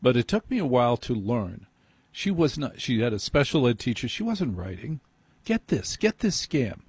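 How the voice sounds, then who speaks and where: A man's voice: mid-range voice, big pitch swings, moderate pace, darkish tone, husky, no room sound. A middle-aged man hosting a call-in radio talk show, blunt and opinionated, talking with emphatic asides.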